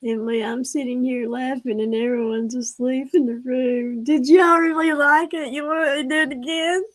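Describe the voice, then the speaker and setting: A woman, hosting a casual live stream, hoarse and breathless from laughing, chatty and a bit scattered. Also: high voice, fairly even intonation, moderate pace. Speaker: livestream host. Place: room at home.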